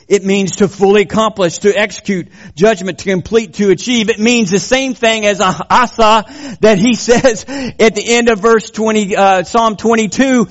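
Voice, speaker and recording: High-voiced, slow, fervent male preacher. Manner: emphatic, building to fervent proclamation. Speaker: pastor. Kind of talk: sermon. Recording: dull lo-fi recording.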